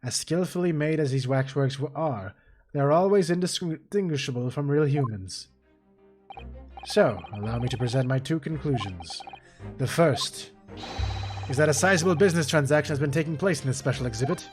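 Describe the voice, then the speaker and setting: A man voicing a pompous, eccentric British gentleman detective in a video game, reading the dialogue with grand, old-fashioned formality. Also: fairly high pitch, normal speed, lightly acted. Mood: grandiose. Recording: game music playing behind.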